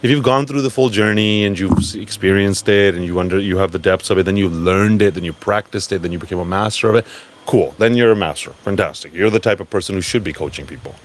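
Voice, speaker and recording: A man giving a blunt, profane, animated live talk at a crypto event. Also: low-pitched, fast, a little hiss or hum.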